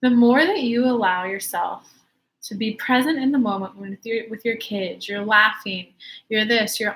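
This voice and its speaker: A woman's voice: medium pitch, normal speed, fairly bright tone. A woman coaching live as she answers viewer questions, in a chatty, emphatic way. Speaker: law of attraction coach.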